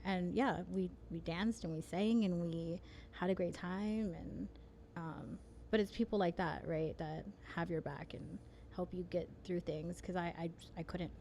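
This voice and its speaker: A woman's voice: lowish voice, fairly even intonation, measured pace, mellow, slight background noise. A woman hosting a casual podcast conversation, telling personal stories in a frank, candid way. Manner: candid, frank storyteller with mild swearing. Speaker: podcast host.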